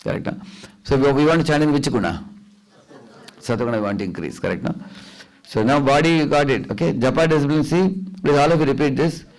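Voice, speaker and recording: A man's voice: medium pitch, fast, a little mellow. A man giving a devotional lecture in a temple hall, instructing the audience and often asking them to confirm. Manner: instructive, asks the audience for agreement, chants the mantra aloud to demonstrate. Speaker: visiting preacher.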